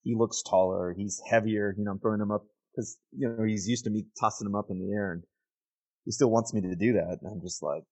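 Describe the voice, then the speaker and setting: Man, low gravelly voice, husky, laid-back slangy chat. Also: fairly even intonation, brisk, dark tone. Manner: laid-back, slangy, calls people dude and bro. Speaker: podcast co-host. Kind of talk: casual chat.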